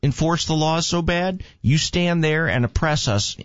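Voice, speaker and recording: A man's voice: a little high, a little slow, dry recording. A man chatting casually, telling rambling joking stories. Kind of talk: casual chat. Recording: dull lo-fi sound.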